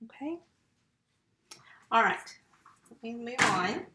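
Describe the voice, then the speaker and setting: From home, a woman records a first grade phonics lesson for young children, patiently sounding out letters and syllables one at a time into a computer mic. Her voice is on the high side with lively intonation, and she takes it slowly. The room is echoey and the recording very noisy.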